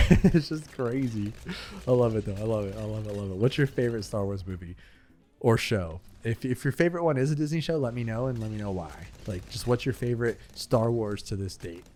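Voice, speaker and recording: There's slight background noise as a young gaming host plays a video game and talks in a fairly low, slightly mellow voice. He's animated and fairly quick, rambling casually with many fillers and asides.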